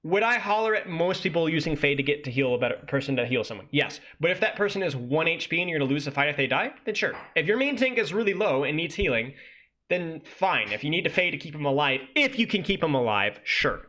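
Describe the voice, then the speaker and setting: Male streamer-coach, high-ish bright edge, exasperated critique of a guide. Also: animated, fast. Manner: exasperated, ranting critique with sudden incredulous outbursts.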